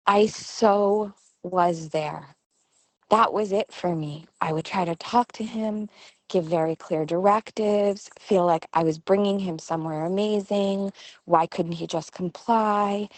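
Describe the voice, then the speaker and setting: Podcast host, middle-aged woman, slightly low voice, dry close sound, animated storyteller. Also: no echo. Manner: lively storytelling, acts out quoted voices. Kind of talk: storytelling monologue.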